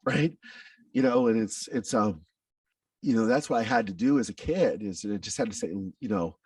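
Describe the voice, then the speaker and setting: Husky low-voiced man, intense and blunt. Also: moderate pace, a little mellow, dry recording, clean studio sound, distant mic. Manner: intense, blunt, with frequent swearing. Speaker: podcast guest. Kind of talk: candid personal storytelling.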